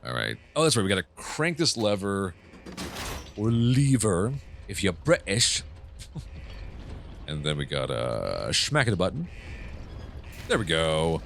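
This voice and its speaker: A man casually commenting on his own game playthrough, swearing often and reacting loudly to what happens on screen. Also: low-pitched, wildly swooping pitch, measured pace, creaky, pauses often, a little hiss or hum. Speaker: gaming channel host. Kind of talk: casual let's play commentary.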